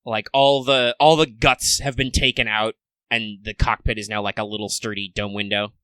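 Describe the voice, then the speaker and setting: A man's voice: on the low side, steady tone, normal speed, bright, forceful tone, clean tone, no echo. A man running a tabletop game as game master, rambling with many fillers and restarts.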